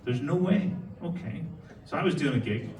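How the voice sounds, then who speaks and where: A man's voice: on the high side, animated, moderate pace, a little mellow, distant mic. An Irish man in his forties doing live stand-up, telling stories and bantering with the crowd in a brash, sweary way. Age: 40s. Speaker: stand-up comedian. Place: comedy venue stage. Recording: echoey hall, from afar, crowd laughter. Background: audience laughter.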